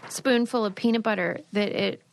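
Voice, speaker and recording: A young woman co-hosting a podcast in casual chat, calm and supportive, laughing easily. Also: medium pitch, moderate pace, gravelly. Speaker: podcast co-host.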